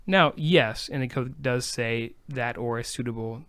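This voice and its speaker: Smooth-voiced priest explaining rules. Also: male voice, medium pitch, a little slow, fairly bright tone, dry recording. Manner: explaining with dry asides. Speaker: priest guest. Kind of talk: casual chat.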